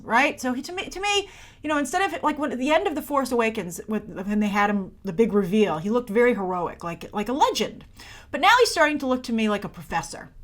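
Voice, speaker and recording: A woman hosting a movie review show, chatting casually and sarcastically through a trailer breakdown and playing out characters' lines in quick asides. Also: on the high side, fairly bright tone.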